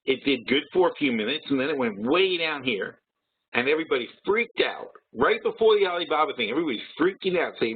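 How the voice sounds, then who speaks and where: A man with a slightly high, husky voice hosts a trading webinar, speaking quickly in a sing-song way. He's blunt, works through numbers out loud and keeps restarting, all over tinny, phone-like audio.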